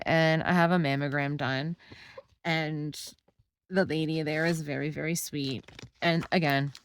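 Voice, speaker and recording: Candid woman telling a personal story. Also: low-pitched. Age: 30s. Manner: emotional, candid, acts out others' lines in quotes; casual with frequent fillers like "like" and restarts. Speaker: vlogger telling her own cancer story.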